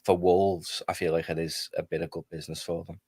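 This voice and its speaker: A man's voice: sits low, level tone, brisk, darkish tone, husky, dry recording, studio quality. A man speaking as a guest on a football chat stream, thinking aloud and hedging with "I feel like".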